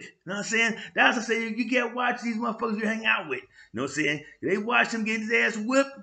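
A man with a New York accent hosting his own vlog, telling a street story in slang with sound effects and loud bursts. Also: high-pitched, fast, vocal fry, hardly any pauses, roomy sound. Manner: animated street slang with frequent "you know what I'm saying". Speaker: vlog host. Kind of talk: casual storytelling monologue.

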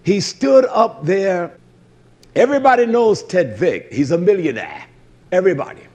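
His voice sits high with big swings in pitch, a breathy edge and normal speed, captured on a lo-fi recording. This pastor's sermon is full of stories, emphatic repetition and blunt cursing, his volume rising as he presses his points.

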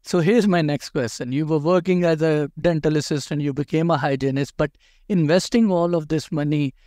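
A man's voice: a little high, brisk, warm tone, no echo, studio quality. A man hosting a conversational interview, asking questions and giving direct advice, often repeating words for emphasis. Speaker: host interviewing a dental school applicant.

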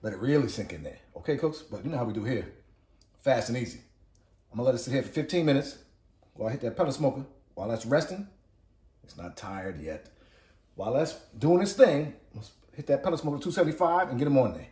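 A warm, animated voice at medium pitch, delivered fast. He hosts a casual cooking video, hyped and talkative, repeating catchphrases to viewers while cooking in a home kitchen before moving to an outdoor backyard grill. The sound is echoey, recorded by a distant camera.

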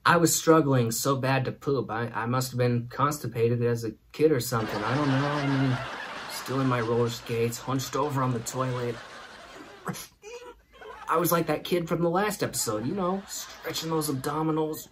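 A man's voice: medium pitch, normal speed, background noise. A man hosting a show, telling a comic story and laughing through it. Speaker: host. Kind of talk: comedic storytelling.

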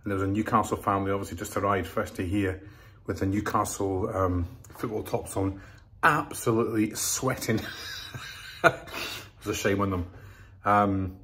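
A man's voice: fairly low pitch, fairly even intonation, moderate pace, fairly bright tone, husky. A man, chatting casually to viewers in a travel vlog. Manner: chatty, addresses viewers as folks. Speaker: travel vlogger.

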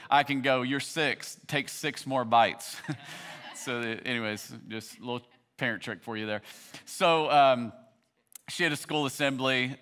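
A man's voice: mid-range voice, a bit bright, smooth. A man in his thirties preaching a sermon, moving from easy storytelling to fervent preaching. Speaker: pastor. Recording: reverberant hall.

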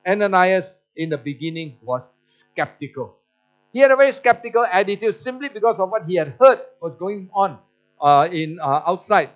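Man, pastor, sermon, high voice, storytelling, acts out quoted voices, dull lo-fi church recording, faint music behind. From Malaysia.

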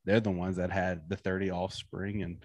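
A man's voice: sits low, little pitch movement, moderate pace, darkish tone, dry recording. A man co-hosting a podcast in casual banter, making emphatic points and dropping his voice to land them. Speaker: podcast guest co-host.

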